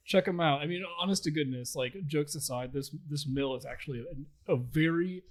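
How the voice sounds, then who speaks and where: A man on a movie review panel speaks with a somewhat high voice. He makes dry, deadpan jokes in a relaxed, casual way. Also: brisk.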